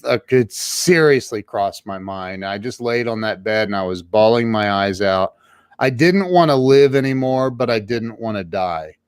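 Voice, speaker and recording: A man's voice: lowish voice, lively intonation, moderate pace, clean tone, no room sound, clean studio sound. A man as an interview guest, telling his own story casually and emphatically, often stumbling and restarting his words.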